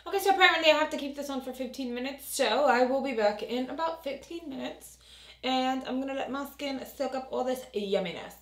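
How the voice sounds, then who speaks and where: A woman's voice: high voice, fairly quick, reverberant. Chatty woman vlogger with a morning voice. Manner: chatty, self-deprecating, talks to the camera. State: low morning voice. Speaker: beauty vlogger. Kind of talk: casual makeup tutorial chat.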